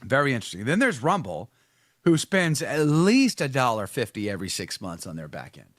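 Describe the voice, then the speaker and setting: A male host chatting casually with livestream viewers, his talk wry and sarcastic. His pitch swings widely as he talks. The sound is dry and close, with no room echo. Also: wildly swooping pitch, brisk, fairly bright tone.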